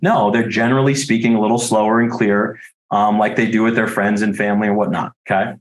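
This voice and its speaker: A man's voice: fairly low pitch, level tone, fast. A man giving a training talk to life insurance agents, direct and coaching, checking in often with "okay?" and "right?". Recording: roomy echo.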